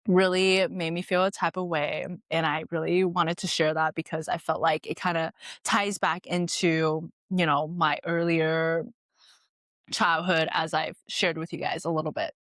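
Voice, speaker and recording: A woman's voice: lowish voice, fairly bright tone, no echo. Chatty young woman podcaster, dry close sound. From moved to America at age ten. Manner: chatty, free-flowing, lots of "like". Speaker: podcast host. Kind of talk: casual chat.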